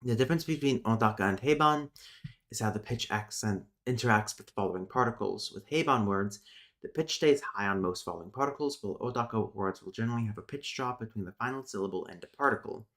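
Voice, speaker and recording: A man's voice: fairly low pitch, quick pace, fairly bright tone. Male streamer, casual lesson host, reads notes aloud, mutters asides. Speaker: streamer teaching linguistics.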